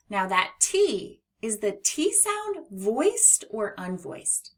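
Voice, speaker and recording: Slow, lively woman teaching phonics. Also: fairly high pitch. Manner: slow, exaggerated sounding-out of letters. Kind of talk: children's phonics lesson.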